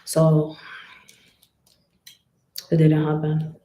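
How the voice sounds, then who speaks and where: In an extremely slow, monotone delivery, a woman boxer with a deep, warm voice answers comments on a casual live stream, chatting loosely and swearing freely in a Spanish accent, as Spanish is her first language. The low-quality recording is reverberant with slight background noise.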